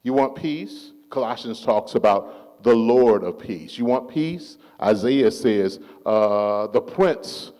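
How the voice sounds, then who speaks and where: A man's voice: mid-range voice, lively intonation, darkish tone, long reverb tail. A man preaching a sermon as pastor, calling for responses from the congregation and drawing out key phrases. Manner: call-and-response preaching, drawn-out emphatic phrases. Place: church sanctuary.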